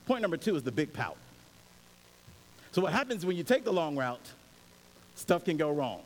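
A man preaches a sermon in a casual, storytelling way, acting out little scenes. His voice sits high and swings widely in pitch. The hall adds a long reverb and a faint hiss. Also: a little fast. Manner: animated and conversational, acts out scenes. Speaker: pastor.

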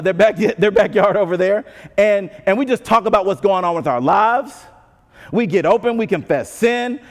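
A man preaching a sermon as pastor, conversational and animated, with frequent asides to the congregation. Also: high voice. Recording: long hall reverb.

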